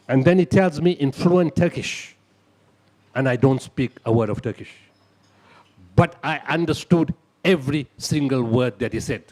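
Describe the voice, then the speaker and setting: A middle-aged man from South Africa giving a motivational talk, with a slow, emphatic delivery and long pauses between phrases. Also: on the high side, darkish tone. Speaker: speaker telling his founding story.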